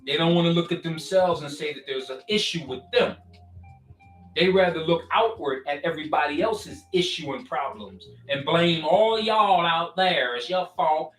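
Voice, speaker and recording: A man's voice: on the high side, normal speed. A man giving a casual, preachy motivational talk to his online followers. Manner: preachy and animated, with call-and-response asides. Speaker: vlogger talking to his followers. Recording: roomy and distant, faint music behind.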